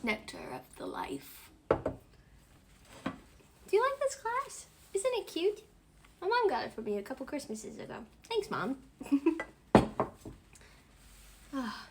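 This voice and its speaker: A woman's voice: extremely high pitch, huge pitch swings, slow pace, pauses often, noisy background. A woman in her twenties chatting casually at home while hosting a dinner livestream, talkative and giggly with frequent laughs. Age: 20s. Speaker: streamer hosting a dinner stream.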